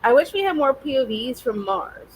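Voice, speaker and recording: Giggly higher-voiced woman host. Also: big pitch swings, normal speed, slightly rough, poor audio. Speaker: podcast host. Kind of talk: casual chat about books.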